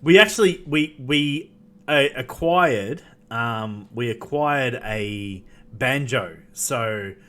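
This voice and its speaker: A man's voice: medium pitch, slow pace, fairly bright tone. A man who plays tabletop games, chatting casually, rambling with lots of fillers and restarts and laughing often. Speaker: tabletop game player. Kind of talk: casual chat.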